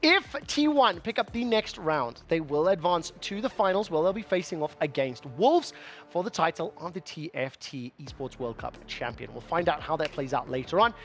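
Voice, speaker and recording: A man hosting an esports broadcast desk, playful and excitable, often laughing with his co-hosts. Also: on the high side, moderate pace, faint music behind. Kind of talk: live esports desk chat.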